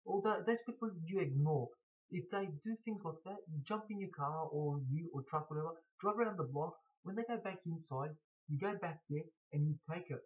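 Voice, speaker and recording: A man with a blocked nose from hay fever, answering viewer questions in a casual, halting way with stutters and restarts. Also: a little high. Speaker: scrap collector vlogger. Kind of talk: casual to-camera Q&A. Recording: dull lo-fi recording.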